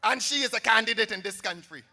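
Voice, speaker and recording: A man's voice: sits high, fast talker, vocal fry, pushed and bright, in a large hall, some chatter behind. A Barbadian man giving a theatrical, sarcastic campaign rally speech. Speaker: political campaign speaker.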